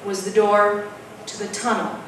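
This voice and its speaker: Woman spinning a spooky tale live, dramatic, goes hushed at the scary bits, far from the mic, lots of echo, faint room hum. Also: mid-range voice, little pitch movement, normal speed. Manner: dramatic, drops to a hush at tense moments. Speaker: open mic storyteller.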